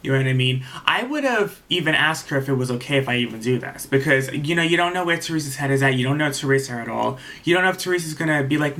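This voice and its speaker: A man's voice: mid-range voice, lively intonation, fast talker, few pauses, bright, forceful tone. A man recapping a reality show episode in a casual, rambling way, retelling what the cast said and openly taking sides, with many ums and restarts.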